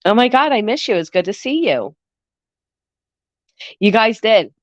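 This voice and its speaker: A woman in her thirties talks to her live-stream chat, blunt and profane but quick to get sentimental, getting over the flu. Her voice is close and dry, with no room sound. The audio is slightly dull. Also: on the high side, very animated, no room sound. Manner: candid, emotional and profane, shifts quickly between sappy and indignant. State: recovering from the flu. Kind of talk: casual live-stream chat, reading and answering chat.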